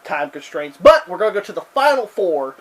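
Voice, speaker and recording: A man's voice: high voice, big pitch swings, a little fast. A man co-hosting a casual wrestling review, laid-back and laughing often, keeping the rundown on track. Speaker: podcast co-host.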